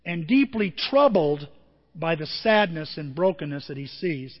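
A man pastor preaching a sermon with emotion, his voice moving from quiet and tender to loud and emphatic. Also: high voice, expressive, moderate pace, breathy edge, big-room sound, muffled recording. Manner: emotional, swings from soft to emphatic.

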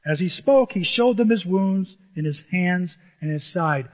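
A male pastor preaching a sermon to his church, animated and emotional, often jumping into excited high exclamations. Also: unhurried. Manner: self-described emotional. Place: church sanctuary with a screen. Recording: dull, long hall reverb.

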